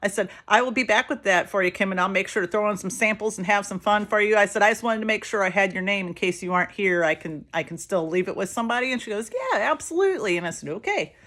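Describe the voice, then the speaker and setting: A woman's voice: medium pitch, quick pace, hardly any pauses, a bit bright. A middle-aged woman chatting casually as she does her makeup, giving advice to her sales team and telling a story with voices for the people in it. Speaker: direct sales team leader. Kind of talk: casual vlog advice while doing makeup.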